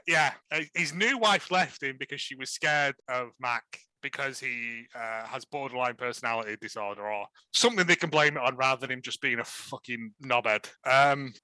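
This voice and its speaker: A man's voice: mid-range voice, pushed and bright, dry recording. A man, chatting sarcastically as a podcast co-host and acting out characters while he talks. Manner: sarcastic, acts out characters in funny voices. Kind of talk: casual chat recapping a film.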